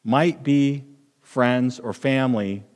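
A middle-aged man preaching a sermon as pastor, conversational and halting, with fillers and restarts. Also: medium pitch, a little mellow. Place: church sanctuary with long reverb. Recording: reverberant church hall.

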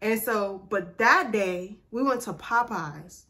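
Bright-voiced chatty young woman vlogger. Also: mid-range voice, takes it slowly. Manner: chatty, animated, addresses viewers. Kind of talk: casual storytelling to camera.

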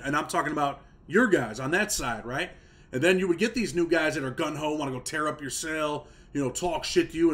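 A man hosts the conversation in casual street slang, drawing his guest out with leading questions. His voice sits a little higher than most men's. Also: fairly bright tone. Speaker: podcast host, former prisoner. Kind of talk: casual interview chat.

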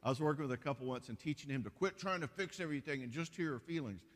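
A man's voice: medium pitch, animated, rapid-fire. A man who works as a marriage counselor gives a casual, joking conference talk to couples, full of fillers and restarts. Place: church hall. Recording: echoey hall reverb.

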